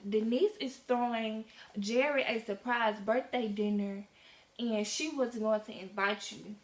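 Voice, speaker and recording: A teenage girl voicing her best friend as a girl who passes on a secret in a hushed, rushed way. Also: on the high side, steady tone, close to an everyday voice. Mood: urgent. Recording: echoey room.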